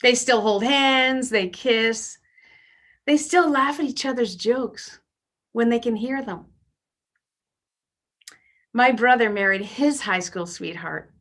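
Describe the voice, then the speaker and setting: Bright-voiced brash woman comedian in her fifties. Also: fairly high pitch, slow, pauses often. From Canada. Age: 50s. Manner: brash, self-deprecating punchlines. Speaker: stand-up comedian. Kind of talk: stand-up routine.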